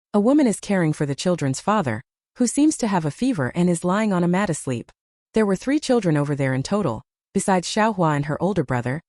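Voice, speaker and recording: A woman narrating a translated novel as an audiobook, in a steady storytelling delivery. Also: lowish voice, dry recording, studio quality.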